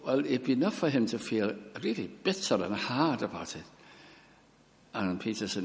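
A man preaching a sermon slowly and earnestly, lifting his voice on key words. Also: medium pitch, sing-song. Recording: long hall reverb.

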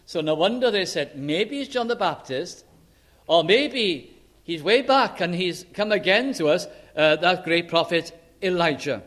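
A man preaching a sermon in an emphatic way, slowing down to stress scripture quotes and key words. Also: high voice, a bit bright.

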